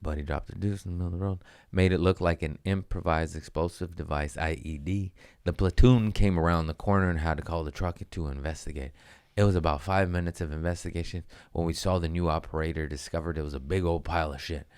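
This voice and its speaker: Profane man, low voice, dry mic. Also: fairly even intonation, quick pace, a little mellow, clean tone, no room sound. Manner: profane, jumps into goofy voices for quoted people. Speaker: podcast host reading listener messages. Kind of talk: casual comedic podcast chat.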